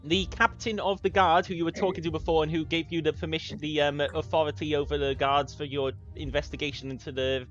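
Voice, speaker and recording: Man, game master, bright, slightly high, hesitant, lo-fi, faint music. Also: little pitch movement, quick pace, hardly any pauses. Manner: hesitant, many fillers. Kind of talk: narrating a tabletop game. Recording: dull lo-fi stream audio with faint music.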